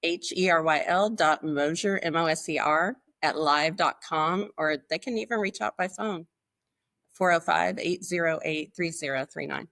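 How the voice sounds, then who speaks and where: A woman's voice: sits low, moderate pace, vocal fry, fairly bright tone, no echo, studio quality. A woman guest on a podcast interview, speaking sincerely and with a faith-centered outlook. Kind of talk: casual interview talk.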